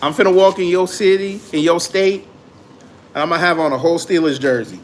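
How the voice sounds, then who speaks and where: A man's voice: fairly high pitch, a little fast, a little hiss or hum. Teasing New man with a laugh. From New York. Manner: teasing, slangy, laughs often. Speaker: livestream host. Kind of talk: casual livestream banter with chat.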